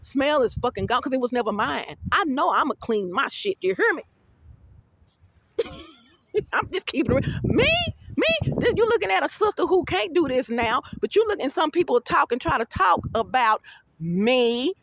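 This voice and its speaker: A woman's voice: sits high, moderate pace, vocal fry, a little hiss or hum. Blunt, profane woman vlogging. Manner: blunt, profane, animated storytelling. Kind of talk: rambling casual vlog monologue.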